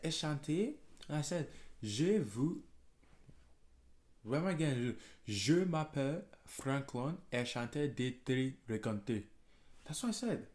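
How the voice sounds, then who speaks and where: A man practicing French phrases on his own, talking casually, excitable and repeating himself as he works through them. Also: medium pitch, a little slow. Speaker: vlogger learning French. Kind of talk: casual self-taught language practice.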